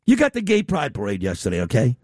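A man hosting talk radio, ranting in a loud, combative, sarcastic way into a studio microphone. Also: medium pitch, huge pitch swings, quick pace, slightly rough, no room sound. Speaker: radio talk show host.

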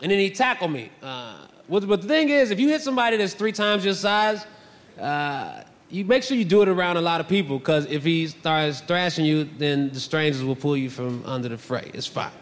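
A male stand-up comedian telling a story in an animated way, often breaking into shouted bits. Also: on the high side, a little fast, long reverb tail.

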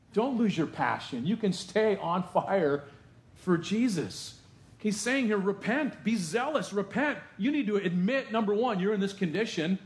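A man pastor giving a sermon in a church, speaking in a conversational way with frequent asides to the congregation. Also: sits high. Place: church sanctuary. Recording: echoey church room.

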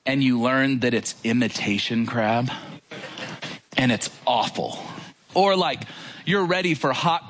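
A man preaching a sermon in an animated, conversational way, full of rhetorical questions. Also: mid-range voice, slight background noise.

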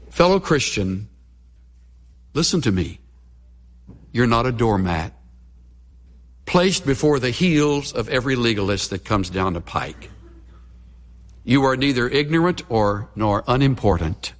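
Folksy, animated preacher man. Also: mid-range voice, unhurried, long pauses, big-room sound. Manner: folksy, humorous storyteller. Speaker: pastor. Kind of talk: sermon.

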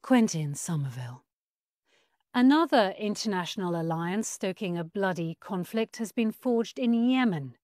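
Crisp female news presenter. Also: medium pitch, expressive, normal speed, a little mellow, dry recording, studio quality.

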